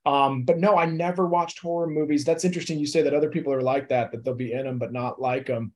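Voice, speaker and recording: A man's voice: fairly high pitch, steady tone, fast, a little mellow. A young adult man, an actor guest in an interview, talking in a loose, laid-back way with lots of fillers and easy laughs. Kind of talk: casual interview chat.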